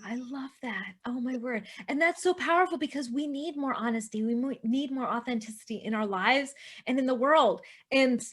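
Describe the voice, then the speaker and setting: A high-pitched woman talking as a podcast guest. She is earnest and emotional, full of restarts and little asides. She turns to the listeners now and then in an animated, chatty way. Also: moderate pace. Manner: animated, addresses listeners directly. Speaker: podcast guest, online entrepreneur. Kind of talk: casual interview chat.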